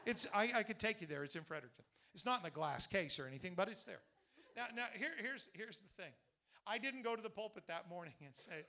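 Bright, high-voiced preaching pastor man. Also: a little fast. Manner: animated storytelling preacher, leads call-and-response. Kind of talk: sermon.

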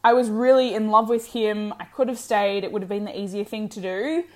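A woman's voice: medium pitch, fairly even intonation, a little fast, a little mellow. A young adult woman vlogging candid breakup advice, frank and encouraging, swearing freely. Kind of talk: candid direct-to-camera advice.

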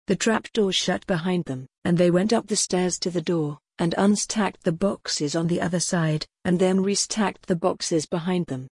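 A woman reading a children's adventure story aloud in a calm, even storytelling manner. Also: fairly low pitch, normal speed, hardly any pauses, husky, dry recording, studio quality. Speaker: audiobook narrator. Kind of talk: scripted storybook narration.

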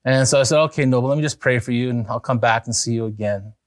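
A man preaching an evangelistic sermon as pastor, telling a story in an earnest way that rises to excited emphasis. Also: mid-range voice, fast talker, no echo, studio quality.

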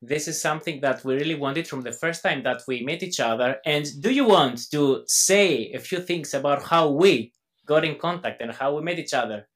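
Greek-accented male linguist co-host, higher-pitched, eager and animated. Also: moderate pace. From Greece. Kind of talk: casual chat.

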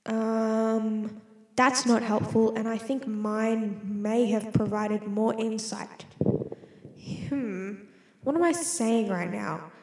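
Speaking slowly, this female student has a fairly high, slightly mellow voice. Her monologue to herself is playful and wandering, breaking off again and again, recorded in a room with heavy, lingering echo.

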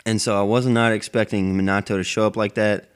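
A man's voice: on the low side, level tone, brisk, smooth. A man rambling in a casual monologue, cursing heavily as he goes. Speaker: anime fan vlogger.

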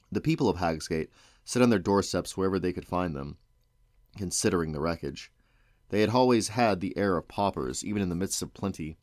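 A man reading a storybook chapter aloud to his children, measured and expressive. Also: low-pitched, no echo, clean studio sound.

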